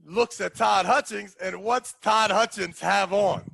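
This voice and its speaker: Gravelly man telling an animated story. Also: sits high, measured pace, no room sound. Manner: animated, acts out quoted voices. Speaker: podcast host telling a story. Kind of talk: casual storytelling.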